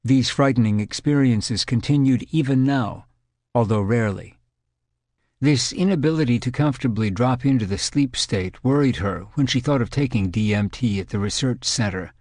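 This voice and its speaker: A man narrating an audiobook in a measured, clinical storytelling manner. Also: medium pitch, darkish tone, no echo, clean studio sound.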